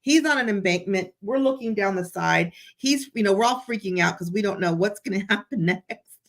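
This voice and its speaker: A woman chatting as a guest, telling a story in an excited, animated way. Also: mid-range voice, fairly quick. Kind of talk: casual chat.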